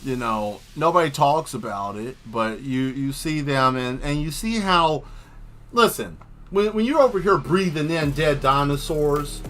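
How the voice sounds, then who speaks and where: A man's voice: fairly high pitch, lively intonation, a little slow, a bit bright, slight background noise. A man livestreaming while he draws, rambling through a joking rant and laughing at his own jokes. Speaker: livestreaming artist.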